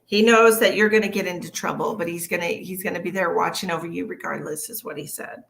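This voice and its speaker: A woman's voice: fairly low pitch, steady tone, quick pace, vocal fry. Chatty woman doing a live reading. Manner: chatty, relays messages in a soft conversational way. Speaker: psychic medium. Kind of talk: casual live-stream reading. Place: at home.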